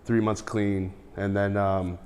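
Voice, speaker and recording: A man's voice: lowish voice, flat delivery, slow pace, darkish tone, smooth, long reverb tail. A man, a podcast guest, telling stories in casual, profane chat, often laughing and acting out what others said. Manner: profane, laughs mid-story, acts out quotes.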